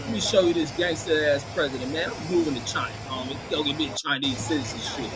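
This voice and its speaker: A vlogger commenting on news footage rants quickly in a high-pitched male voice, delivering profane, scornful remarks and mocking and laughing along the way. Clear background noise sits beneath him.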